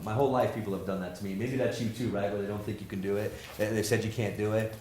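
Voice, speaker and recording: A man, a professor, giving a lively motivational talk to students, joking and asking the audience questions. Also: on the low side, fast talker, few pauses, slight background noise. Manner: animated, jokey, asks the audience questions. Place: lecture hall with audience. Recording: roomy hall sound.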